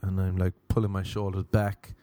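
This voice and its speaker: A young Irish man doing stand-up storytelling, animated and quick to act out other people's voices. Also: low-pitched, dry recording. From Ireland. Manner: animated, acts out voices in quotes. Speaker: comedian.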